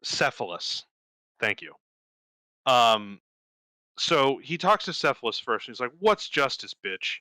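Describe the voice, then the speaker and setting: A young man co-hosting a podcast, casually telling a profane, animated story and voicing the characters in it. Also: mid-range voice, measured pace, pauses often, dry recording, rough recording. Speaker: podcast co-host. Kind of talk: casual chat.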